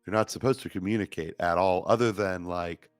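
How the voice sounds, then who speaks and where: A man's voice: sits low, a little fast, clear, resonant tone, no echo, faint music behind. A man co-hosting a podcast, chatting casually and rambling as he loses his train of thought. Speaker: podcast co-host. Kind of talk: casual chat.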